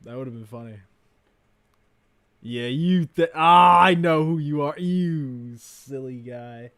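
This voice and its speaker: A man hosting a livestream, reacting to a video with crude, mocking commentary that swings between loud outbursts and mutters. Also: on the high side, takes it slowly, no echo, studio quality.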